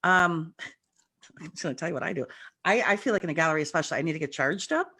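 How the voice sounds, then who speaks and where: A woman, a guest medium, telling stories in an animated, chatty way on a video call, her voice a bit rough from the morning. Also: low voice, fast. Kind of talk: casual chat.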